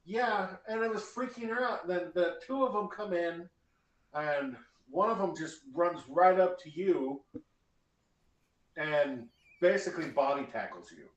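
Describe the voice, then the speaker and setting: A man running a tabletop game as game master, narrating with halting fillers. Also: on the high side, animated, recorded from a distance, highs cut off. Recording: echoey room, voice from off-mic.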